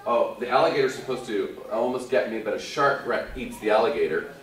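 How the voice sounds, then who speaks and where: Guy in his 40s spinning a funny set story at a con panel, mid pitch, roomy hall, a bit far from the mic. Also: fairly quick. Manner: animated storyteller, acts out quotes, laughs often. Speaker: actor guest at a convention panel. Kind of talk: casual anecdote to a live audience. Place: convention hall. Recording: echoey hall, distant mic.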